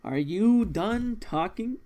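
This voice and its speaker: Man voicing a proud exiled assassin, grave, formal, high-pitched, manga read-along. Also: expressive, slow, warm tone. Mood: grim. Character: weary exiled male assassin, stern and proud.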